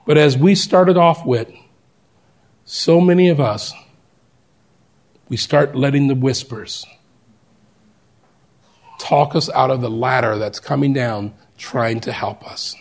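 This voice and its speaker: Husky preacher man telling a story. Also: mid-range voice, slow pace, pauses often. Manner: acts out quoted voices, swings from loud to hushed. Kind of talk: sermon with storytelling.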